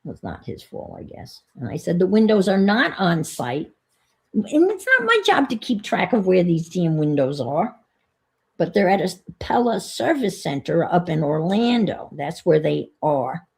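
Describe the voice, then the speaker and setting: Gravelly woman venting and chatting. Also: on the low side, sing-song, unhurried. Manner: exasperated storytelling, thinking aloud. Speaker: vlogger. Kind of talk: casual chat while crafting.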